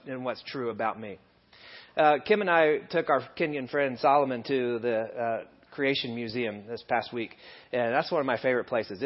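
A man giving a conversational sermon in a church, building to animated emphasis at times. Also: mid-range voice. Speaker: lay preacher. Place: church hall. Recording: dull lo-fi sermon recording.

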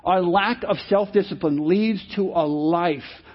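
A man's voice: sits high, a little slow. A male pastor preaching a sermon, emphatic and repeating his key phrases. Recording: dull lo-fi sermon recording.

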